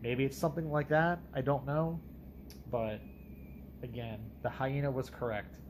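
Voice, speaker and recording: A man's voice: medium pitch, moderate pace, a little mellow, a little hiss or hum, low-quality recording. A man reviewing perfumes in a casual monologue, talking bluntly and emphatically with some profanity.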